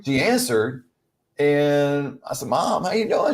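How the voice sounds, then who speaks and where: A man's voice: fairly high pitch, very animated, unhurried. Chatty man rambling advice. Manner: rambling, addresses viewers as guys. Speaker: co-host. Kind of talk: casual advice chat. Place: lives in California.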